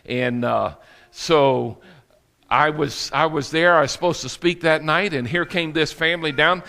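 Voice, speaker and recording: Bright-voiced preacher man in reverberant hall. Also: on the high side, a little slow, vocal fry. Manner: storytelling with acted quotes and laughter. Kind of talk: sermon. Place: church sanctuary.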